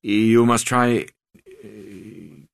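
A man puts on a stern village doctor with a thick Swedish accent, his voice lifted above the reader's own deep tone. He warns slowly and haltingly, weighing each word. The audiobook sound is close and dry. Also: steady tone, creaky, dry recording, heavily acted. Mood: grave.

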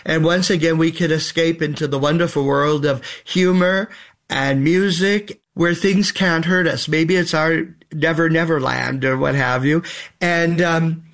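Older guy, drag performer, kinda theatrical and wistful, voice sits a bit high. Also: fairly even intonation, measured pace, a bit bright. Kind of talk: radio interview.

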